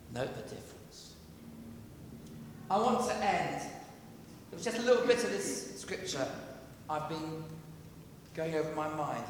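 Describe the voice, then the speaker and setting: A man preaching a sermon in a church, earnest and emphatic, dropping to a hush for quoted voices. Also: on the high side, a little hiss or hum. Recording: echoey church, heard from a distance.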